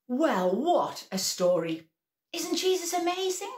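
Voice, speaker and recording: Slow, lively-voiced woman telling a children's story. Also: medium pitch, reverberant. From England. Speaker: preschool worship leader. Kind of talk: children's Bible story and singing.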